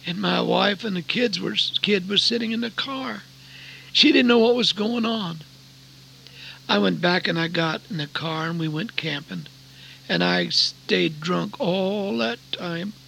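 An older man preaching a sermon, telling his own story with deep emotion and sometimes dropping to a whisper. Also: vocal fry, bright, forceful tone, a little hiss or hum, low-quality recording. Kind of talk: sermon testimony.

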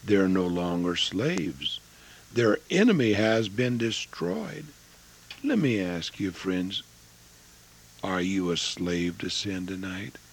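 An older man preaching, his voice gravelly and husky. He talks slowly, and his pitch ranges widely. He swings from booming rises to hushed, almost whispered asides. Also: very animated. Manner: folksy preaching with sudden loud rises and hushed drops. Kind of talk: sermon.

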